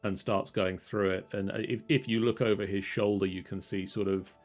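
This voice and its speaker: A man's voice: fairly low pitch, little pitch movement, moderate pace, faint music behind. A man narrating a tabletop game as game master, describing scenes in a rambling way with fillers.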